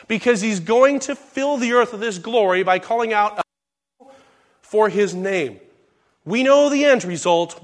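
High-voiced male preacher, Bible-study sermon, scripture readings mixed with asides. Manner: reads scripture aloud in King James wording, with asides and self-corrections.

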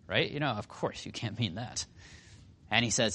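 Animated man teaching a Bible class. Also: mid-range voice, a little fast. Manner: animated, acts out quotes, asks the room questions. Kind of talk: casual Bible study teaching.

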